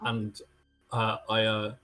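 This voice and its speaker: A man's voice: on the low side, monotone, slow pace, sharp tone, soft background music. A man playing a tabletop role-playing game, teasing and hesitant as he describes his moves. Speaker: player. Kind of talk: casual tabletop play.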